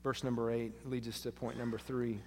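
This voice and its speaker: A man preaching a sermon as pastor, dropping to hushed lines and rising to loud, emphatic ones. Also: mid-range voice, level tone, normal speed. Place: church sanctuary. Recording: long hall reverb.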